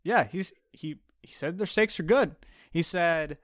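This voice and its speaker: A man hosting a casual sports podcast, chatty and halting, with many restarts and fillers. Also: on the high side, no room sound, clean studio sound. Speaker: podcast host.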